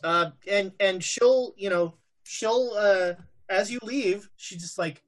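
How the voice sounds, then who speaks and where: A woman's voice: mid-range voice, slow pace. A woman narrating a tabletop game as game master, hesitant and full of fillers.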